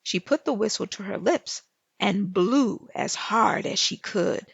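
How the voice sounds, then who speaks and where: Woman narrator reading a children's story aloud, slow and gravelly, dry, dull lo-fi recording. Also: mid-range voice, no room sound. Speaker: author reading her story.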